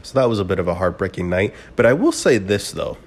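A man's voice: sits low, lively intonation, quick pace, husky. A man, hosting a podcast as a profane, rambling, bro-style storyteller. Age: 20s. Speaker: podcast host. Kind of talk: casual monologue.

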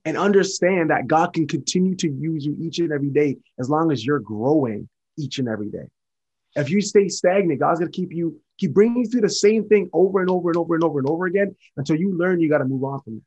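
A man's voice: on the high side, a little mellow, breathy edge, lo-fi sound. A man sharing his faith testimony as a podcast guest, earnest and repetitive. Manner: earnest, repetitive, fast-talking.

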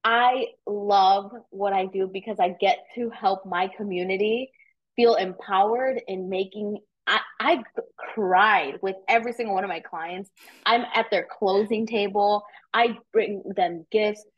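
Woman guest, animated and casual, mid pitch, slightly muffled podcast sound. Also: measured pace. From United States. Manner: animated storytelling, swears casually. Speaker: realtor guest. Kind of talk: casual interview chat.

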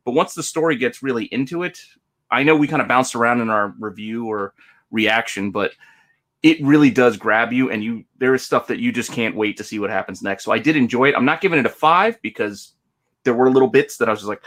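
A man's voice: mid-range voice, fairly quick, a bit bright. A man co-hosting a podcast, chatting casually about a book he liked, hesitating and restarting as he thinks. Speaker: podcast co-host. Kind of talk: casual book review chat.

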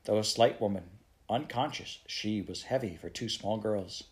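A man's voice: on the low side, moderate pace, a little mellow. Man reading a children's novel aloud. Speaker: audiobook reader.

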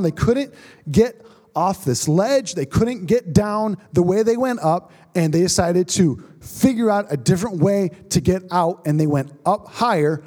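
A pastor with a high voice tells a story from the pulpit. He builds the drama and sinks to hushed tones at the tense moments. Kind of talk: sermon storytelling.

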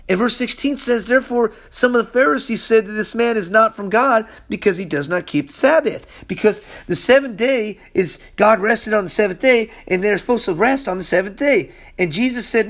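A man's voice: high-pitched, lively intonation, a little fast, a bit bright. A man teaching from the Bible in a casual, slangy way. He is hyper and acts out the characters as he goes. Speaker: preacher.

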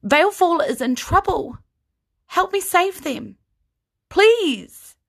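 A woman's voice: on the high side, lively intonation, normal speed, pitched above the performer's own voice. A woman voicing a determined young female spellcaster who pleads urgently. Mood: pleading.

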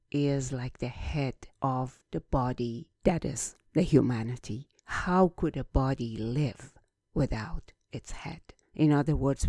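Low, mellow-voiced woman teaching poetry. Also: dry recording, clean studio sound. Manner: measured, gentle delivery that drops to soft whispers. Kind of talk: poetry recitation with spoken commentary.

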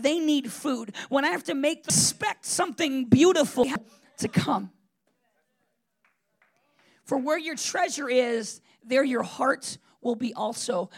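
A man's voice: very high-pitched, gravelly, breathy edge. A man preaching a sermon in a conversational, emphatic way, with frequent fillers and restarts.

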